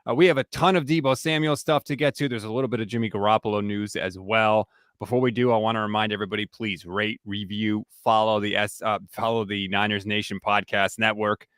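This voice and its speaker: A man's voice: fairly low pitch, steady tone, fairly quick, hardly any pauses, a bit bright, clear, resonant tone, no echo, clean studio sound. A man co-hosting a sports podcast, talking casually and reading listener reviews aloud, getting emphatic when he defends himself. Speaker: podcast co-host.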